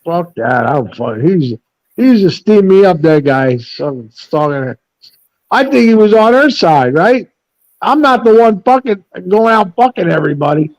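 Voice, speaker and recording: A man's voice: sits high, big pitch swings, normal speed, darkish tone, dry recording. A man in a casual live chat, telling stories in a blunt, profane, rambling way. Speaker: panel host.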